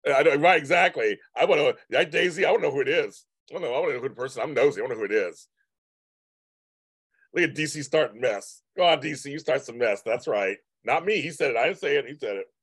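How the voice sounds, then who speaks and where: A man's voice: medium pitch, breathy edge, dry recording. A man hosting a casual livestream, rambling and repeating himself as he chats with viewers and answers their comments. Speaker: livestream host. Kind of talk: casual live-stream chat reading viewer comments.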